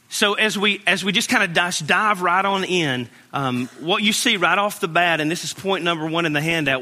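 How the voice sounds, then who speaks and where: A man's voice: fairly high pitch, bright, forceful tone. A man preaching a sermon as pastor, earnest and storytelling, building to emphatic peaks. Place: church sanctuary. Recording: long reverb in a large hall.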